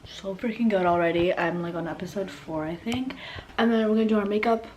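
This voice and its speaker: A woman's voice: mid-range voice, a little fast, dull audio. Chatty young woman with a morning voice. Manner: chatty, filler-heavy with frequent "like" and "literally". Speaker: lifestyle vlogger. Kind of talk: casual vlog chat to camera. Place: at home, bedroom. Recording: noisy home recording.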